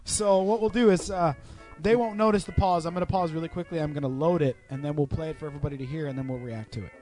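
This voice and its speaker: A man's voice: a little high, steady tone, fast talker, a little mellow, faint music behind. A man hosting a podcast, teasing his co-hosts with crude, profane jokes. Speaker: podcast host. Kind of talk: crude casual podcast banter.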